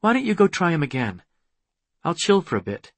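A spirited young heroine, as a male narrator puts her on, with a raised, brisk voice. She sounds eager and forthright. The read is dry and close to the mic. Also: on the high side, big pitch swings, no echo, voice pushed up.

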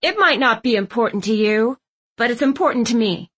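A woman voicing a terrified, short-tempered mother in an audiobook. Her voice is pitched up and tight, clipped and pushed louder than the narration. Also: lively intonation, brisk, husky. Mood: tense. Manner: tense, sharp, raised voice. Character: worried, exasperated mother.

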